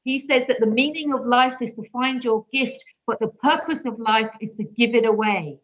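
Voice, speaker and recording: A woman's voice: a little high, moderate pace. A woman giving a live card reading, earnest and pleading as she urges the viewer to trust herself. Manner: earnest, pleading, gets emotional. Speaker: card reader and author. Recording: dull lo-fi sound.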